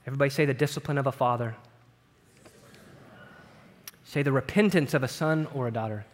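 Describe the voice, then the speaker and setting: A man's voice: mid-range voice, a little fast, slight background noise. Pastor preaching, man, long hall reverb. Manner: conversational preaching, tag questions, swings from loud to hushed. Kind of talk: sermon.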